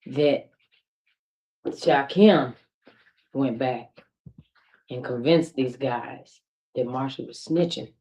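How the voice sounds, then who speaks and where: A woman's voice: very deep voice, slow pace, pauses often, dark tone, rough recording. A woman with a Midwestern US accent, speaking as a witness in a recorded police interview, hesitant and rambling, with many "you know"s.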